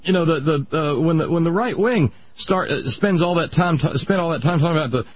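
A man hosting a radio talk show, animated, sarcastic and incredulous. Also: on the high side, a little fast, dry recording. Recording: muffled radio broadcast.

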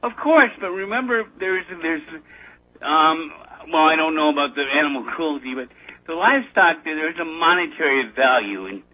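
A man in casual political chat, rambling and halting, often breaking into nervous laughter. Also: on the high side, expressive. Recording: tinny phone-line audio.

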